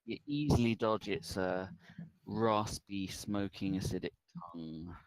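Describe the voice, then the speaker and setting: A man's voice: fairly low pitch, measured pace, clean tone, no room sound, poor audio. A man narrating a tabletop game as game master, describing monsters and calling for rolls.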